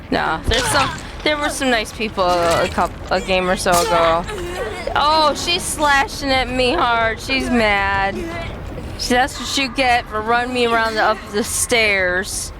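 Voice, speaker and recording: A woman streaming a game live and commenting as she plays, excitable and laughing often as she talks to her chat. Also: sits high. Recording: game music playing clearly behind.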